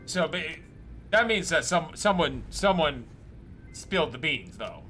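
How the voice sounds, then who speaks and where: A man chatting casually during a game stream, joking and laughing often with quick asides. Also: on the high side, expressive, fairly bright tone, soft background music. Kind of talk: casual chat while gaming.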